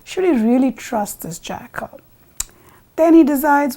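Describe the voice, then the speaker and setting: A woman narrating a folk tale for a television program, expressive and animated. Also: high voice, unhurried. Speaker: storyteller.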